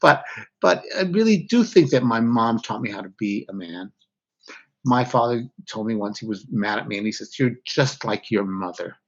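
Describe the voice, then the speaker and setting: A man's voice: mid-range voice, expressive, moderate pace. A man, a guest author, speaking candidly and reflectively in an interview, often breaking off mid-thought. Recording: slightly dull lo-fi audio.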